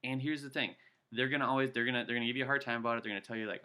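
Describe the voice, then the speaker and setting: A man giving an energetic sales training talk, coaching his listeners and acting out customer pitches. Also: racing, smooth. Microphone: video call.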